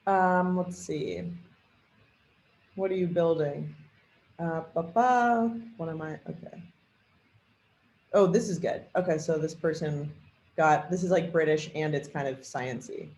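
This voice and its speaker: A man leading a software training demo, thinking aloud with a lot of fillers and hesitation. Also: fairly high pitch, unhurried, long pauses. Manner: rambling, hesitant, many fillers. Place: at a computer. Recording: echoey room with faint typing.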